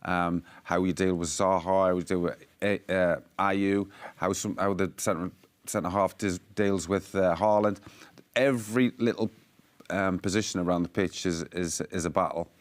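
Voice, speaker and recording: A man giving football analysis on a matchday show. His voice is very deep. He talks in a measured, rambling way and often restarts his sentences. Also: fairly even intonation. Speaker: football pundit. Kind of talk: casual pundit chat.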